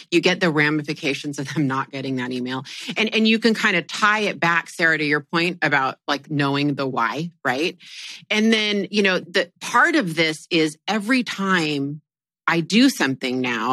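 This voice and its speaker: A low-pitched woman hosting a podcast, chatting in a lively, laughing way and restarting her sentences as ideas tumble out. Her voice is dry and close to the mic, with no room sound around it. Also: no echo. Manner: animated, laughs often, quick restarts. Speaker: podcast host. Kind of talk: casual podcast chat.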